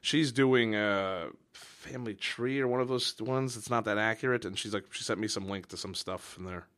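A young man co-hosting a podcast, rambling and animated in casual chat. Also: lowish voice, normal speed. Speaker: podcast co-host.

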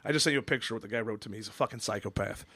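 A man's voice: on the low side, racing, sharp tone, slightly rough. A man hosting a casual podcast chat, rambling and swearing with many stammered restarts. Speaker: podcast host.

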